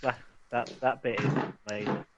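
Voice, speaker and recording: A man's voice: medium pitch, fairly even intonation, moderate pace, vocal fry, heavy background noise. A man hosting a casual podcast chat, enthusiastic, moving the talk along and reading out listener posts. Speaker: podcast host. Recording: dry tinny phone-like line.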